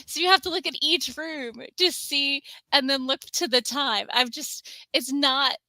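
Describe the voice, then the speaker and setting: A woman's voice: high voice, measured pace, sharp tone, dry recording. A woman hosting a casual livestream, talking in a chatty, rambling way and cooing at her cat now and then. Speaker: livestream host.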